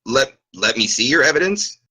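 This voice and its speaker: A man's voice: mid-range voice, sing-song, normal speed, pushed and bright, slight background noise, low-quality recording. A man taking part in a practice session over an online voice chat, answering hesitantly and restarting his phrases. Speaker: student. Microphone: online voice chat mic.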